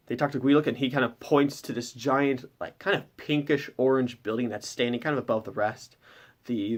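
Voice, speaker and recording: A man narrating as game master, recapping a tabletop session in a loose, rambling way with lots of filler words. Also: mid-range voice. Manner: rambling, heavy with fillers like "kind of".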